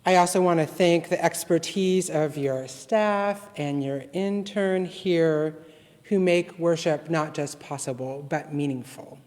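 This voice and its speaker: A man serving as guest minister, reading a litany and a poem aloud in worship with a slow, measured, solemn delivery. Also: on the high side, a little mellow. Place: church sanctuary. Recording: long reverb from a large hall.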